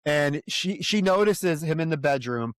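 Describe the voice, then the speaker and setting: A man's voice: on the high side, lively intonation, measured pace, clean tone, dry recording, clean studio sound. A man co-hosting a film podcast, animatedly retelling scenes in casual chat and swearing freely. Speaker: podcast co-host.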